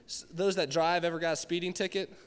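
A young youth pastor with a fairly high, steady voice talks fast, animatedly telling stories and acting out his own reactions during a youth sermon. He's before a live audience in a church hall, and despite the reverberant room, his tone comes through clean.

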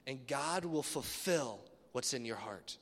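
A man preaching a casual sermon, rambling a little and acting out lively quotes. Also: medium pitch, measured pace, gravelly, long reverb tail. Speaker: pastor.

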